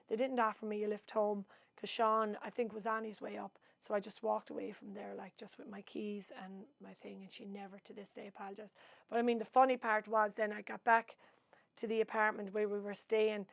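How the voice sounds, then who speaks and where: A woman's voice: medium pitch, gravelly, no room sound. Irish woman, oral-history storyteller, rambling with asides, dry close sound. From Ireland. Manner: long-winded storyteller who adds asides. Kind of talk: rambling spoken recollection.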